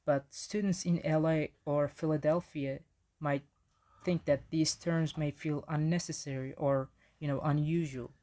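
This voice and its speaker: A man's voice: a little high, steady tone, unhurried, mellow. A man giving a casual slide presentation on language in the classroom, with frequent restarts and fillers.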